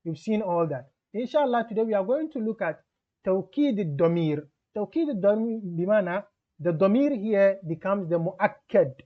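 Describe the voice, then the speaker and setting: A male teacher with a high voice works through a grammar lesson step by step. He repeats each term and example so that it sinks in. The recording sounds dull and lo-fi. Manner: methodical, repeats terms and examples, mixes Arabic terms into English.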